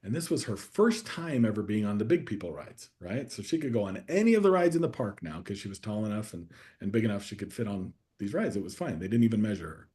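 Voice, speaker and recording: A man guest on a conversational podcast, sharing a personal story in a reflective, steady way that grows animated at times. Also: lowish voice, quick pace, hardly any pauses. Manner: reflective, warm storyteller who gets animated in anecdotes. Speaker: guest coach.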